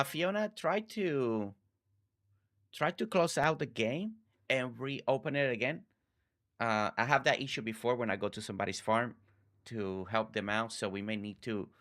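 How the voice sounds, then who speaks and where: A man live-streaming a farming game, chatting casually with his viewers and thanking them by name. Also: medium pitch. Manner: friendly, reads chat aloud, warm thanks to viewers.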